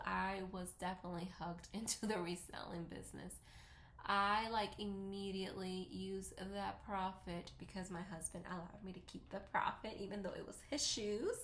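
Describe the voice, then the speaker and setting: A woman in her thirties, a native Spanish speaker with a Spanish accent, vlogs a makeup tutorial at home, chatting, rambling and being self-deprecating. Her mid-range voice is a bit bright, unhurried and fairly even in intonation, captured on a camera mic with roomy echo.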